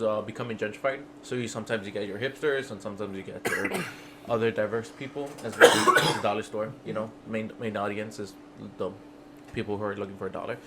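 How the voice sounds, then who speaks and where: A man on a podcast as a guest, telling a casual, profane work story that keeps breaking into laughter. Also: lowish voice. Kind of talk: casual chat.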